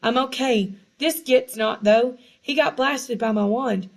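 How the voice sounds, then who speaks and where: A woman's voice: a little slow, gravelly. A woman reading aloud, voicing a loyal, blunt boy wizard sidekick in a raised, urgent voice. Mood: desperate. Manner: urgent, loud, higher-pitched than narration.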